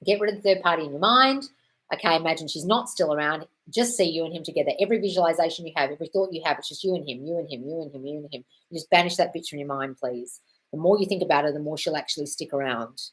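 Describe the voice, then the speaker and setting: A woman's voice: low-pitched, quick pace, a bit bright, slightly rough. An Australian woman hosting a casual live-stream Q&A, answering viewers' questions bluntly, swearing freely and calling people darling. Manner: reads viewer comments aloud. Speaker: manifestation coach answering live chat questions.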